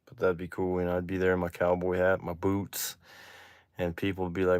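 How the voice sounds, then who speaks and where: A man from Texas hosting a casual livestream, chatting with viewers in a relaxed, rambling way that turns eager at times. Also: moderate pace, dry recording. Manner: relaxed, chatty, drifting from low mumbles to excited bursts. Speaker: livestream host. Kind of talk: casual livestream chat reading comments.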